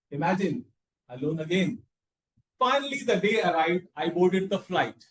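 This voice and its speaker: A man delivering an animated prepared speech at a club meeting. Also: high voice, slow, pauses often, echoey room, far from the mic. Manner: animated storytelling. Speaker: club speaker.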